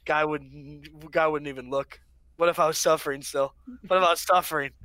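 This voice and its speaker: A man's voice: fairly high pitch, steady tone, fairly quick, sharp tone, dry recording. A young man on a podcast with friends, rambling through a mock-dramatic story and acting out what people said. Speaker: podcast co-host. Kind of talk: casual chat.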